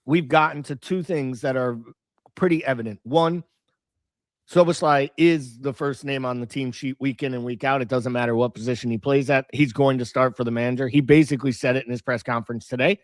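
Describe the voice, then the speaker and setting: A man co-hosting a casual football podcast, measured and analytical, laying out his points one by one. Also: mid-range voice, steady tone, no echo, clean studio sound. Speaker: podcast co-host.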